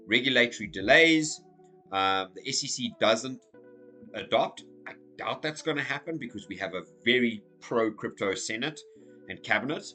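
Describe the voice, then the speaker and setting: A man with a hoarse, croaky voice talking casually through crypto market commentary, energetic and checking in with "okay?" as he goes. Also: fairly low pitch. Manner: energetic, repeats okay and so as you can see. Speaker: crypto YouTuber.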